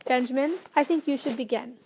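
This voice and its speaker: Kindly old professor, proud and emphatic, read by a high-voiced woman, storybook. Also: fairly quick, vocal fry, a little mellow, slight background noise. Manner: emphatic, cheerfully lecturing. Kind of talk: storybook reading.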